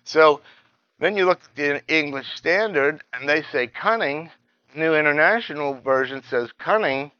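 Man, Bible study teacher, halting restarts, dry dull lo-fi sound. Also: a little high, lively intonation, bright, forceful tone, no echo. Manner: halting, repeats words and restarts, reads scripture aloud.

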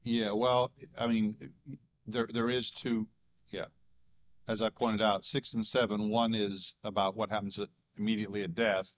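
Hesitant low-voiced man in discussion. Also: flat delivery, normal speed. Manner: hesitant, with many restarts and chuckles. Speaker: church leader drafting a statement of belief. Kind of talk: casual group discussion.

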